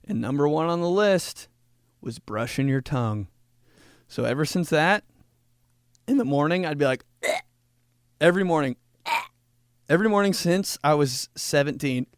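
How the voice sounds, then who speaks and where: Young male podcast host, rambling comic storyteller, very animated pitch, dry close sound. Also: normal speed, dry recording. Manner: rambling, laughing, fond of voices. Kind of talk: casual comedy podcast chat.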